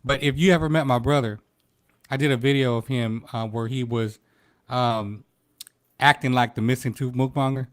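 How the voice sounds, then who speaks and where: A man's voice: mid-range voice, fairly even intonation, moderate pace, no echo, studio quality. A man hosting a casual livestream talk show, chatty and laid-back, often laughing.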